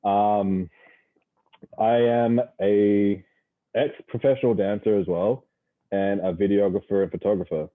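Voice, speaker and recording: A man's voice: on the low side, unhurried, no room sound. A man, a guest chatting casually over a video call with lots of slang and fillers. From Australia. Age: 20s. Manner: relaxed, filler-heavy slang talk. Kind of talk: casual podcast chat. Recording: tinny phone-like call audio.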